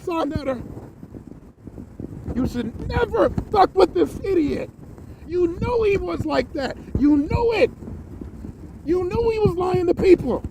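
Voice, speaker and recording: A man delivering an angry, profane solo rant, yelling and repeating himself, recorded in his car on the highway. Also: gravelly. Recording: road noise from a moving car. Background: vehicle noise.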